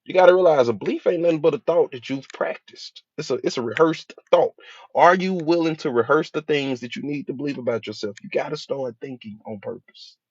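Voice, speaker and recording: A man's voice: on the high side, brisk, darkish tone, husky, dry recording. Guy hypnotherapist preaching mindset, repeats himself a lot, slangy and emphatic, muffled dry lo-fi sound. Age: adult with a school-age child. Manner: emphatic, repetitive, rhetorical questions; casual slangy delivery. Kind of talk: motivational speech. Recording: dull dry lo-fi recording.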